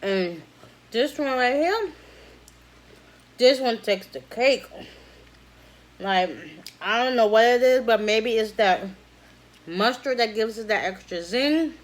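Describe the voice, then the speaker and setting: A woman vlogs her dinner in an easy, unhurried way, her voice sitting a little on the high side. She fills the pauses with satisfied humming while chewing. Her talk is casual and slangy, picked up close to the mic. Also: lively intonation. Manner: chatty, slangy, talks between bites with lots of mm sounds. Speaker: mukbang vlogger. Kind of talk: casual eating vlog.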